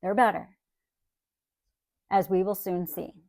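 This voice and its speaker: A woman's voice: medium pitch, steady tone, slow, gravelly, darkish tone, no echo, studio quality. Conversational woman Bible teacher. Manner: conversational, frequent "right?" check-ins.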